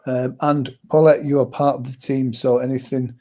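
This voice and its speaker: A man hosting a live online talk show, relaxed and chatty, thanking viewers by name. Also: medium pitch, moderate pace. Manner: warm thanks, relaxed, gives shout-outs. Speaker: show host. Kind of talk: casual chat.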